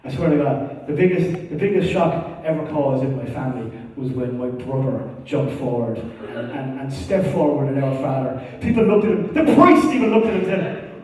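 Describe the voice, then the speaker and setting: A man with an Irish accent doing a stand-up comedy set, animated and swearing, acting out quick characters. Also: mid-range voice, heavy reverb, big-room sound, distant mic, low-quality recording. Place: theatre stage before a live audience.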